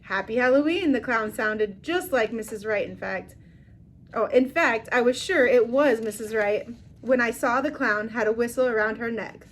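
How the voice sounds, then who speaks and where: A woman reading a children's book aloud with expressive storytelling. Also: on the high side, moderate pace. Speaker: reader.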